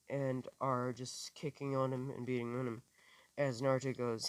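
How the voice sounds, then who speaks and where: A man's voice: medium pitch, little pitch movement, normal speed, clear, resonant tone, no room sound. A man improvising a fan-fiction story in a rambling, casual way, stumbling and restarting often. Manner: rambling, with many restarts and fillers. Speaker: amateur storyteller.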